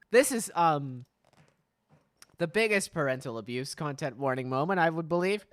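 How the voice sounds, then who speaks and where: A woman streamer reading a story game aloud with lively, chatty asides. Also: low-pitched, normal speed, no echo, studio quality.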